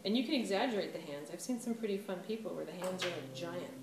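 A woman art teacher with a lowish voice talks fast as she chats her way through a clay demonstration for a class, laughing often and at her own slips. A distant camera mic captures her from well away, with room echo and steady background noise around her.

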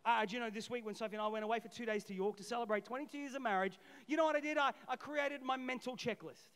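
A middle-aged man preaching a lively sermon as pastor, swinging between loud shouted peaks and quiet asides, acting out voices from the story. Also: extremely high pitch, rapid-fire, clear, resonant tone. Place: church auditorium. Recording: long hall reverb.

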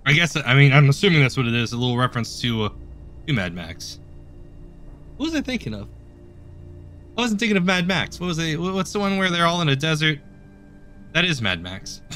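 Lively, bright-voiced male gamer narrating his play, faint game music behind. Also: fairly high pitch, brisk, pauses often. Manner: chatty, joking, talks to himself. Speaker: let's play host. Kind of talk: gameplay commentary.

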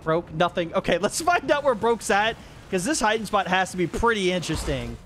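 A young man giving lively gameplay commentary, talking to the players and often breaking into laughter. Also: sits high, a little fast, slight background noise. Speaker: gaming YouTuber.

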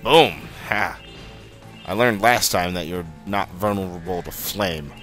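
Young male let's-play host, deep pitch with a sharp edge, chatty and self-deprecating. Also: a little slow, soft background music. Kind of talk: casual gameplay commentary.

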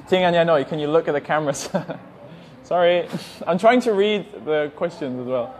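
A man's voice: a little high, a little hiss or hum. A man in his twenties with an English accent, an English teacher reading out viewer questions in a live-stream Q&A and answering with many ums. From England. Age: 20s. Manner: hesitant, with many ums, speaks slowly and carefully. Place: language school.

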